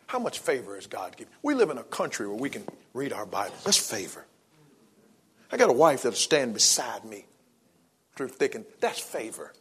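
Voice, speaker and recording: Husky-voiced preacher man, hushed to fiery. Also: normal speed. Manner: swings between low hushed reflection and raised excited preaching. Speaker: pastor. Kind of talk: sermon.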